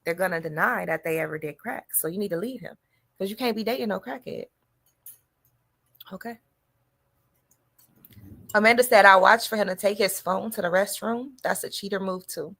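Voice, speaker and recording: A woman hosting a podcast, delivering a loud, animated comedic monologue to her listeners. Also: medium pitch, moderate pace, creaky, pauses often. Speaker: podcast host.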